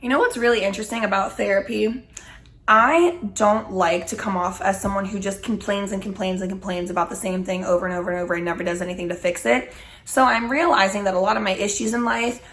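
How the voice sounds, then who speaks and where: A woman's voice: medium pitch, a bit bright. A woman in her twenties chatting casually to her audience, candid and rambling, with frequent swearing. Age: 20s. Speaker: vlogger. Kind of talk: casual chat while smoking.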